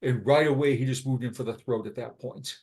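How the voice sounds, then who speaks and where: A man's voice: medium pitch, steady tone, brisk, a little mellow. Blunt Boston man in his fifties. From Boston, USA. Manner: blunt, frank. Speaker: podcast guest, retired police sergeant. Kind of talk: casual storytelling interview.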